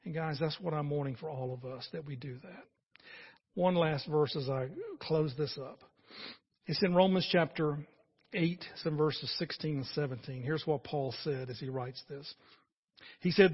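A man's voice: on the high side, normal speed, husky, highs cut off. A man in his sixties preaching a sermon as a pastor, talking earnestly and conversationally and building to emphatic peaks.

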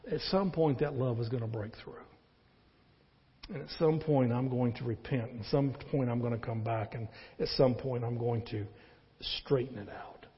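Man preaching, husky voice, long church reverb, swings loud and quiet. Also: normal speed, lo-fi sound. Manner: swings from loud emphatic peaks to low quiet stretches. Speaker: pastor. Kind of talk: sermon. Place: church sanctuary.

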